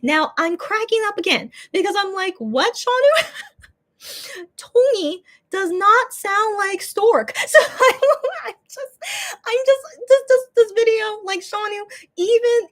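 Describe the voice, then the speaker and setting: High-voiced, giggly woman rambling. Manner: giggly, rambling, animated, many restarts; loud bursts of laughter. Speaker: fan vlogger. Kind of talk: casual reaction commentary.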